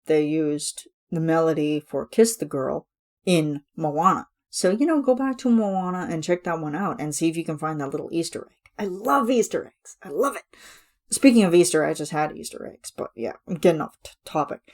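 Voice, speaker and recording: A woman's voice: deep voice, expressive, normal speed, a little mellow. A woman hosting a podcast, chatting casually and enthusiastically with lots of fillers, her voice a bit ragged. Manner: rambling, enthusiastic, many fillers. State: voice getting ragged. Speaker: podcast host reviewing a music video. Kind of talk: casual chat.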